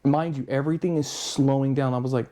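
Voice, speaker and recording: Guy swearing a ton while telling a wild story, warm mellow voice, middle pitch. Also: fast. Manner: profane, animated, acts out voices. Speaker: podcast guest. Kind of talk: casual storytelling.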